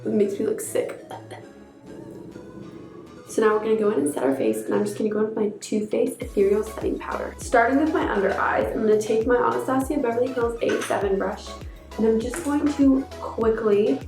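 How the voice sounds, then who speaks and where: A young woman with a hoarse voice from a cold, chatting casually through a makeup tutorial step by step. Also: fairly high pitch, normal speed, darkish tone. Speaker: beauty vlogger. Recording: echoey room, faint background music.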